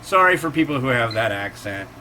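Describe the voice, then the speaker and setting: Bright-voiced rambling man, casual vlog. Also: medium pitch, expressive, brisk, a little hiss or hum. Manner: rambling and digressive, acts out quotes. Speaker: instant noodle reviewer and host. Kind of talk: casual chatty cooking vlog.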